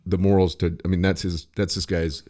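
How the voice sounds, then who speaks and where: A man's voice: low-pitched, little pitch movement, brisk, dark tone. A man ranting bluntly in casual podcast chat, swearing freely. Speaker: podcast co-host.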